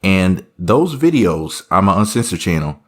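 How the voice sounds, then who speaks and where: A man's voice: sits low, very animated, a little slow. A man giving casual reaction commentary, rambling and sarcastic, full of offhand asides.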